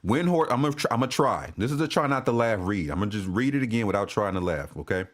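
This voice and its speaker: A man's voice: fairly low pitch, animated, fast. A man giving a casual, profane sports-fan rant to camera, laughing and repeating himself as he goes.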